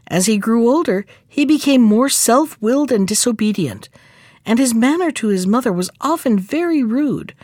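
A woman reads a classic fairy tale aloud with expressive storybook delivery. Her voice is fairly high and swings lively through each phrase. The sound is close and completely dry. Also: no echo. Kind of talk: scripted fairy-tale narration.

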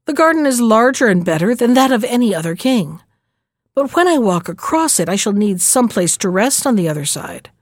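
A woman's voice: fairly high pitch, big pitch swings, normal speed, no echo, clean studio sound. A woman voicing a proud, scheming male sultan in a storybook reading, with a commanding, self-satisfied manner.

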